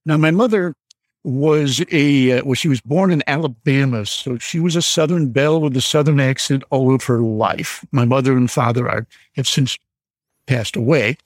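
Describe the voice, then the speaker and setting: Older man slowly telling a ghost story. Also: on the high side, no room sound. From Michigan. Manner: slow, deliberate storytelling with frequent "uh" pauses. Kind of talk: storytelling on a radio call.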